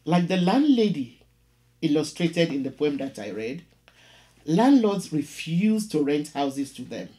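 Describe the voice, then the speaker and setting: A man hosting a history channel, narrating a lesson and reading a poem in a measured way with pauses. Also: a little high, big pitch swings, dark tone. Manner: measured, with pauses and some stumbles. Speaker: host of an educational history channel.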